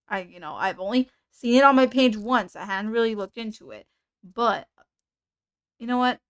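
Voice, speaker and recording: Woman streamer, casual reaction chat, hesitant and rambling, a bit high-pitched. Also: a bit bright, smooth. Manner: rambling, hesitant, with frequent restarts.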